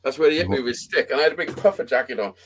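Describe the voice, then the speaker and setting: A man's voice: a little high, very fast, gravelly, a little hiss or hum. Sweary man telling a story. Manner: swears a lot, animated storytelling with acted-out quotes. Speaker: host. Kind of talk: casual live-stream chat.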